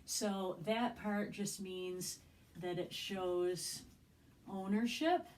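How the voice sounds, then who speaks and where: A woman teaching Spanish grammar in a classroom style. She often checks in with the class, asks questions, and slows down to stress key words. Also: slight background noise. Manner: checks in with frequent "okay?" and "right?", lively rises in pitch. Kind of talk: classroom lesson explaining at a board.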